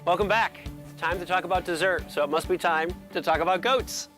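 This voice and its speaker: A man's voice: sits high, fairly quick, a bit bright, soft background music. A man hosting a cooking show as the chef, chatty and upbeat, talking viewers through each step in a kitchen. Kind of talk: cooking demonstration.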